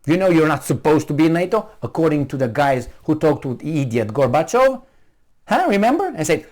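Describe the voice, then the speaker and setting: A man's voice: a little high, big pitch swings, moderate pace, a little mellow. A man giving a heated, sarcastic running commentary, mocking and arguing with the people he talks about. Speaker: political commentator. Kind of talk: ranting video commentary.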